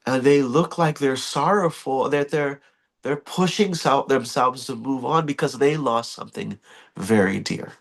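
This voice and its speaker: Wise devoted monkey servant, calm and earnest, voiced plainly by a male teller. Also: medium pitch, a little slow, vocal fry.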